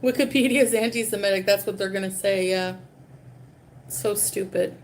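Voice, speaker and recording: A woman's voice: medium pitch, fairly even intonation, normal speed, slight background noise. A woman livestreaming, ranting casually in a dismissive, profane and rambling way.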